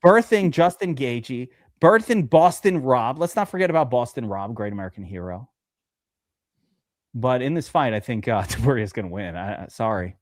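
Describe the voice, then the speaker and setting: Animated, joking fantasy sports guy. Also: mid-range voice, normal speed, no room sound, clean studio sound. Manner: animated, joking, swears freely. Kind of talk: casual podcast banter.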